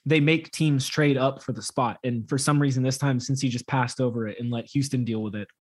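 A man's voice: mid-range voice, fairly even intonation. A man co-hosting a casual soccer podcast, talking in an emphatic, opinionated way. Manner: emphatic, opinionated, quick to laugh at the league. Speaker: podcast co-host.

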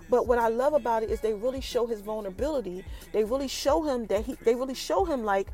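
Animated woman podcaster chatting to listeners. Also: on the high side, quick pace, few pauses. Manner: animated, addresses listeners directly as y'all. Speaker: podcast host recapping a TV episode. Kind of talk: casual chat. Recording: light background music.

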